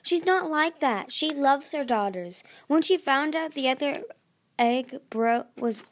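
A fiery young female sea dragon, read aloud by a woman, her voice lifted high above the narration and pushed forward with insistence. She is defensive and loyal, protesting hard. It is a storybook reading. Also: a little slow. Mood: upset.

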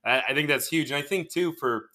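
A man's voice: fairly high pitch, fairly quick, bright, forceful tone. A man co-hosting a casual podcast chat, asking rambling, friendly questions full of fillers. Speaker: podcast co-host.

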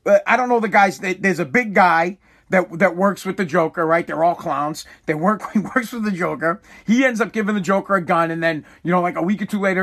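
A man with a notably high voice talks loosely and profanely, like a podcast host. He rambles, restarts his sentences and keeps breaking into laughter as he goes. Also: a bit bright. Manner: profane, laughs often while retelling. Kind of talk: casual rambling chat.

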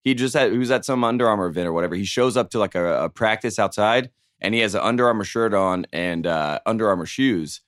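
A young man co-hosting a casual sports podcast, telling animated, rambling stories full of restarts. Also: on the low side, fast, hardly any pauses, no echo, clean studio sound. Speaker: podcast co-host.

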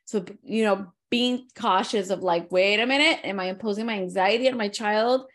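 A woman talking in an easy conversational flow, swinging between English and Spanish mid-thought. Her pitch sits in a middle register and moves a lot, animated and quick to laugh. It sounds like relaxed talk between friends. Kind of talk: casual conversation.

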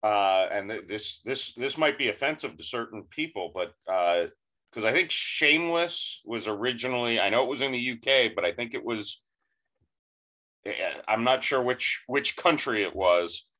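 An American man hosting a podcast, chatting casually in a halting way with many restarts. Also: medium pitch, animated, bright, forceful tone. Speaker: podcast host. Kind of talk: casual chat.

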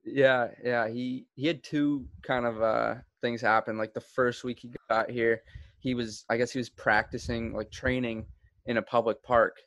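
A man's voice: medium pitch, measured pace, dry recording. A man hosts a podcast in loose, easygoing chat. His mid-range voice wanders through fillers and restarts. The sound is dry and close, with no room around it. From Florida. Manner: relaxed, rambling, many fillers and restarts. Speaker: podcast host. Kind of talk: casual chat.

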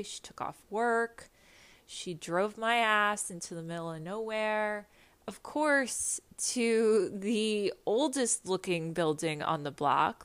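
A woman's voice: mid-range voice, fairly bright tone, clean tone. A woman with a stuffy nose after nasal surgery, hosting a podcast on a makeshift backup mic in a candid, profane, rambling chat. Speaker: podcast host. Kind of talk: casual chat.

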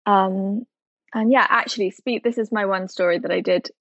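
A woman's voice: mid-range voice, normal speed, fairly bright tone, no echo. Woman guesting on a podcast, rambly and self-deprecating, kinda muffled lo-fi audio. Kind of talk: casual conversational storytelling.

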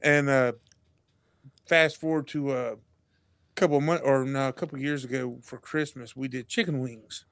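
A man, a podcast guest telling stories in casual chat, animated and laughing, acting out what people said. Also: medium pitch, normal speed, dry recording. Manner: animated, laughing storyteller who acts out quotes.

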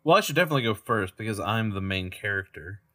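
A man's voice: fairly low pitch, animated, quick pace, pushed and bright. A man player on a tabletop game podcast, playful and often laughing. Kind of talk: casual podcast chat.

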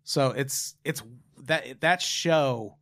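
A man in casual podcast chat, retelling stories in a relaxed, conversational way with many fillers. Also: mid-range voice, drawn-out words.

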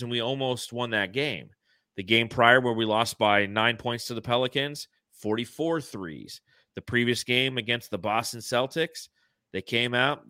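A man hosting a podcast, talking fast with stammering restarts and casual swearing. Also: mid-range voice, pushed and bright, dry recording, studio quality. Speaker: podcast host. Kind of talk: casual basketball chat.

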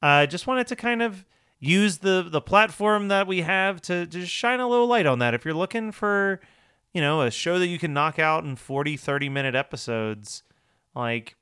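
A man's voice: sits high, animated, moderate pace, bright, forceful tone, clean tone, no room sound, studio quality. A man co-hosting a podcast, recapping a TV episode in casual, wry chat and laughing often.

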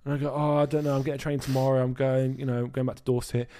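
A young English man, a podcast co-host, telling stories in casual chat, animated and full of swearing. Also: mid-range voice, racing. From England.

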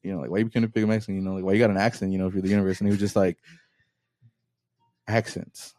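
Guy rattling off a rambling story real fast, kinda low voice, dry close mic. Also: little pitch movement, darkish tone, no echo. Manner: rambling, profane, laughs while retelling. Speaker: podcast host. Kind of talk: casual chat, storytelling.

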